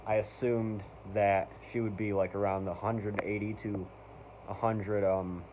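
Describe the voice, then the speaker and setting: Male vlog host, low-pitched, eager and rambling, with a faint hiss behind him. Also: level tone, a little slow. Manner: rambling, full of "like", "um" and "basically"; enthusiastic fan. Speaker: channel host. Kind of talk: casual review vlog. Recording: dull lo-fi recording.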